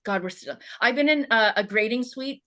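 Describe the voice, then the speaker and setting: A woman filmmaker chats in an interview, her voice sitting fairly high. She rambles and restarts her sentences a lot, growing lively and animated. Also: moderate pace. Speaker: filmmaker guest. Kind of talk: casual interview chat.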